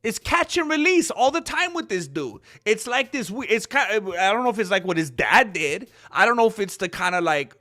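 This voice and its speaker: A man's voice: sits high, sing-song, normal speed, few pauses, bright, forceful tone. A man hosting an MMA commentary vlog, sarcastic and opinionated, acting out both sides of an argument. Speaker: MMA commentary channel host.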